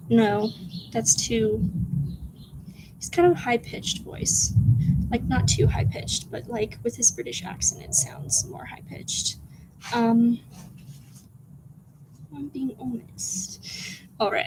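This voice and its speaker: A woman streamer reading her own spooky story aloud, soft and whispery, with giggly asides to chat. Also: a little high, slight background noise.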